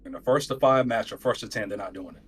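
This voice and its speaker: A man co-hosting a casual stream chat, mocking and emphatic with drawn-out jabs. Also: fairly low pitch, loud music behind the voice. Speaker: co-host on stream.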